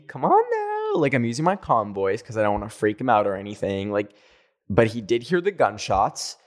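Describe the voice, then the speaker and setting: A young man hosting a podcast, telling personal stories in a chatty, animated way, with lots of "like" and frequent laughs. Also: medium pitch. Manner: animated, heavy use of "like", laughs often. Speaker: podcast host. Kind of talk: casual storytelling monologue.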